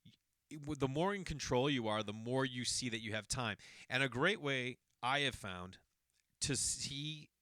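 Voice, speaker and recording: Bright, clear-voiced man telling a rambling story. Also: mid-range voice, measured pace, no room sound, clean studio sound. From Boston area. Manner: rambling, self-correcting, conversational. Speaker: podcast host. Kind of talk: casual storytelling monologue.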